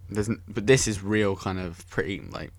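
A man's voice: on the low side, normal speed, dry recording. A young man hosting a casual podcast, rambling enthusiastically about films and often correcting himself. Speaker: podcast host. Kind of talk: casual film chat.

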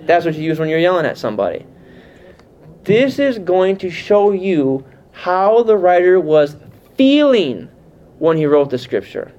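A man teaching a Bible class in an animated, conversational way, often putting questions to his listeners. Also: high voice, unhurried. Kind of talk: teaching sermon. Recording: muffled lo-fi sound.

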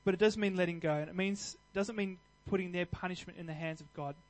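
Male preacher, high voice, earnest and conversational, emphatic at peaks. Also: fast, rough recording. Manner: earnest, conversational, with restarts and fillers; builds to louder emphatic passages. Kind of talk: sermon.

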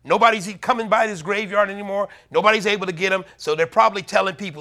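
High, bright-voiced animated preacher man. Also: fast. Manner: animated preaching, acting out townspeople's warnings. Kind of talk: sermon.

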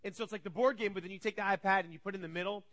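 A man in his thirties preaching, telling a family story and acting out his kids' voices with animated energy. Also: high voice, very fast. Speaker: pastor. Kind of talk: storytelling sermon.

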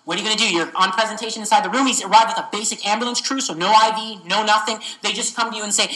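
An energetic woman tutoring for a medical exam, keeps asking the class whether they follow. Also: mid-range voice, fast talker, few pauses, low-quality recording. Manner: energetic, keeps checking understanding. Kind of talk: interactive teaching session.

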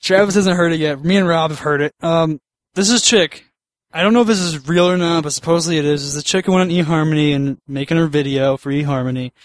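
A man's voice: fairly high pitch, quick pace, no echo. Profane rambling man hosting a podcast. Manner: profane, rambling, laughs often. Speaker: podcast host. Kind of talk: casual crude banter.

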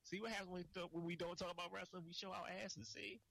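A man co-hosting a wrestling podcast in casual chat, loud and profane, laughing often. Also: high voice, level tone, quick pace, vocal fry, no room sound, rough recording. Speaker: podcast co-host.

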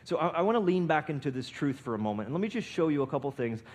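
A man preaching a sermon, building to loud emphatic peaks and often restarting his words. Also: big pitch swings, very fast. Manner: emphatic preaching with swells in volume and pitch; frequent restarts and repeated words. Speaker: pastor.

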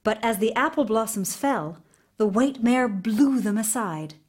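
A woman narrating a fairy tale aloud in an expressive, unhurried storytelling voice. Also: fairly high pitch, husky.

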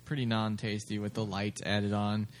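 A man's voice: on the low side, completely flat delivery, normal speed, noisy background. A man in casual, easygoing chat with friends, laughing between remarks.

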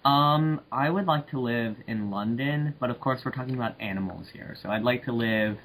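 A man's voice: medium pitch, normal speed, a bit bright, a little hiss or hum, low-quality recording. A young man co-hosting a casual podcast, joking and laughing often, with many fillers. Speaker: podcast co-host. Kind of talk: casual chat.

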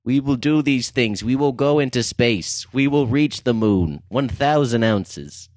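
Guy doing a boston president voice, big slow speech, dry close mic. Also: mid-range voice, animated, a little mellow, no echo, lightly acted. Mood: grandiose. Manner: slow, grandiose speechmaking cadence. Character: impression of a 1960s US president giving a grand speech.

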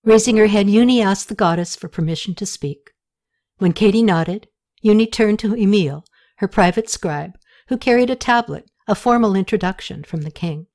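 A woman reads a historical novel aloud in an audiobook. Her storytelling is calm and even, with a voice pitched in the ordinary middle range. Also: normal speed. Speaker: audiobook narrator. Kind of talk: scripted audiobook narration.

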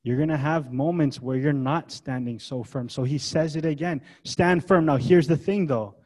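Casual, questioning pastor mid-sermon. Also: male voice, fairly high pitch, moderate pace, a little mellow. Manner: casual, conversational preaching with rhetorical questions. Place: church gathering.

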